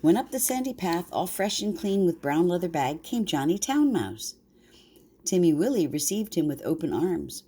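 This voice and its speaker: An older woman reading a bedtime story aloud to her grandchildren in a warm, unhurried way. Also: lowish voice, sing-song, breathy edge.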